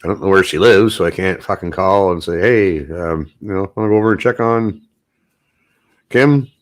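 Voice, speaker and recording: Swearing, rambling man with a low voice. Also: moderate pace. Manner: rambling, swears a lot, gets anxious. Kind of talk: casual chat.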